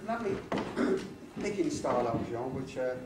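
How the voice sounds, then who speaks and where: A man's voice: medium pitch, sing-song, moderate pace, heavy background noise. An older man, a folk singer and comedian, telling rambling wry jokes in a live folk club set. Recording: roomy live club recording from a distance. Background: guitar playing.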